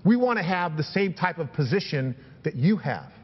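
A man's voice: a little high, big pitch swings, moderate pace, slightly rough, big-room sound, highs cut off. A man preaching a sermon as pastor, reading scripture aloud and building emphasis with repeated phrases.

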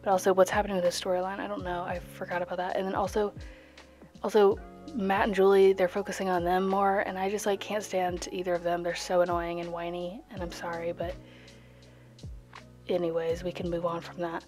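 A woman's voice: lowish voice, level tone, a little fast, a little mellow, faint music behind. Rambling chatty young woman painting. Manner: rambling, chatty, self-questioning. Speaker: art vlogger. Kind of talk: casual chat while painting.

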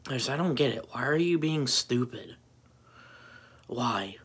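A man's voice: medium pitch, brisk, slightly rough. A young man ranting angrily into the camera, repeating mocking insults over and over. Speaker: YouTuber. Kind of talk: angry rant vlog.

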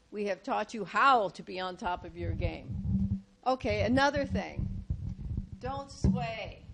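A woman's voice: mid-range voice, noisy background. An older woman teaching presentation skills to a live audience, coaching directly with rhetorical questions and acted-out examples.

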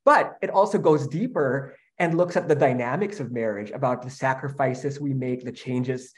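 Man, musical writer, earnest and halting delivery, casual panel chat. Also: mid-range voice. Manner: earnest, halting, with many fillers and restarts.

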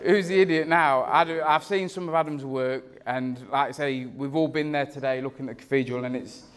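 A man's voice: mid-range voice, fairly even intonation, fairly quick. A young man giving a rambling, teasing wedding speech about his friend. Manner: rambling, joking, teasing, self-interrupting. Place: wedding reception.

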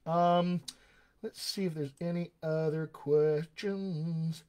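A man's voice: fairly high pitch, fairly even intonation, takes it slowly, darkish tone, clean tone. An American man working as a dialect coach, answering viewer questions in a live online session and demonstrating sounds as he explains. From United States.

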